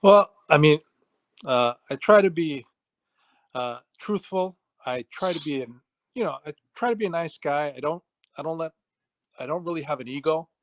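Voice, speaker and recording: Lively storytelling man, a little high. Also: moderate pace, no echo. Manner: storytelling, acts out quoted voices, laughs easily. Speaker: martial arts instructor, guest. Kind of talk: casual interview conversation.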